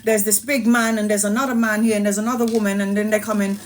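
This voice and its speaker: A woman's voice: mid-range voice, fast. A woman telling a wild personal story in casual, swear-filled streamer style. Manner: animated, swearing, laughing anecdote. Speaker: tarot reader, streamer.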